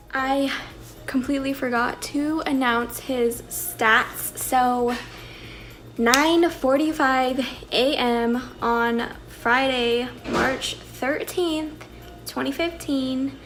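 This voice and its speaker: A woman's voice: high-pitched, a bit bright. A woman in her twenties, a young mother candidly telling her birth story to camera in a chatty, rambling way. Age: 20s. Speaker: vlogger and mother.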